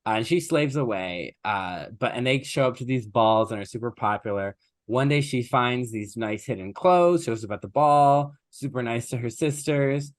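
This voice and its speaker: A man's voice: mid-range voice, dry recording. Chatty man retelling a story, dry sound. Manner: chatty retelling full of fillers and asides. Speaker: podcast co-host. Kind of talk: casual podcast storytelling.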